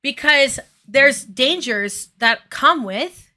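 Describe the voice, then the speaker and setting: A woman co-hosting a casual commentary chat, jumping in with quick remarks and laughing asides. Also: high-pitched, lively intonation, sharp tone. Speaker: podcast co-host.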